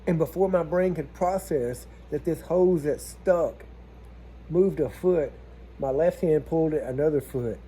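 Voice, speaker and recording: A man telling a plumbing job story in a casual vlog, animated and swearing freely as he talks to his viewers. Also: on the high side, unhurried, slight background noise.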